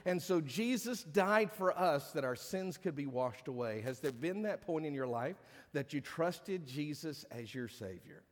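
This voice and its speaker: A man's voice: on the high side, expressive, a little slow. Man preaching in an echoing hall. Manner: preaching with swelling emphasis and hushed drops. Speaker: pastor. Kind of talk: sermon. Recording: long reverb of a large hall.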